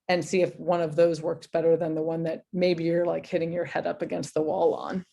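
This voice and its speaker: A woman mentor giving casual advice, telling an animated story full of "like" fillers. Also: lowish voice, fairly quick, creaky, few pauses.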